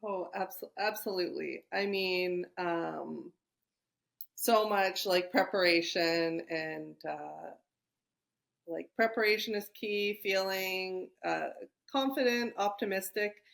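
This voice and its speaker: A woman's voice: medium pitch, takes it slowly, gravelly, a bit bright. A woman guest in a podcast interview, speaking reflectively with frequent restarts. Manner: reflective, many restarts and fillers. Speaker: guest entrepreneur. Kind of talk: conversational interview.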